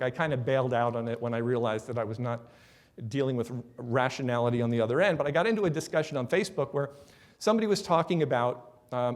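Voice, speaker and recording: A man giving a conference talk as a business speaker. He keeps it conversational and lively, checks in with the audience and acts out little quoted voices. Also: mid-range voice. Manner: acts out quoted voices and laughs at his own examples.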